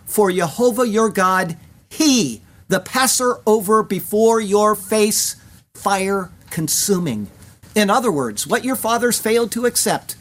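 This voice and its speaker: A man's voice: high voice, fairly bright tone. A man, preaching a verse-by-verse sermon, reading scripture aloud and explaining it with casual asides. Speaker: pastor.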